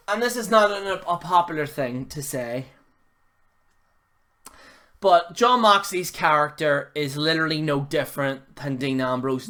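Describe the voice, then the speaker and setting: A man's voice: high voice, bright, forceful tone. A man hosting his own channel, giving a blunt, heated wrestling review full of casual slang and repeated jabs. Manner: casual slang, fillers, restarts. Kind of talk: ranting video review.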